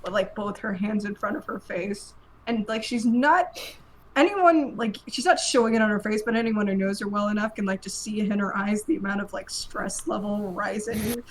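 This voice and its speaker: A woman's voice: mid-range voice, moderate pace, low-quality recording. A woman plays a tabletop game and casually describes what her character is doing, leaning on filler words. A faint hiss sits behind her voice. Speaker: player.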